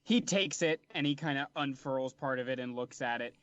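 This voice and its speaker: Relaxed male dungeon master narrating; lo-fi, dry mic. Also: mid-range voice, normal speed, dry recording. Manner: descriptive, relaxed, with fillers. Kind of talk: narrating a tabletop game.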